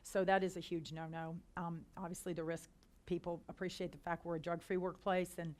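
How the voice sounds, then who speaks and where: A middle-aged woman, a company founder and CEO, telling anecdotes to a business audience, chatty with quick restarts and quoted dialogue. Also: on the low side, level tone, a little mellow. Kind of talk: storytelling talk to a business audience. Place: lecture hall.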